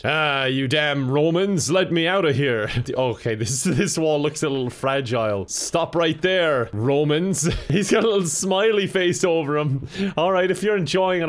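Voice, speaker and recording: An Irish man commentating a video game with sarcastic jokes and frequent laughter. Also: fairly high pitch. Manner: sarcastic, jokey, laughs a lot. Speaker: gaming YouTuber.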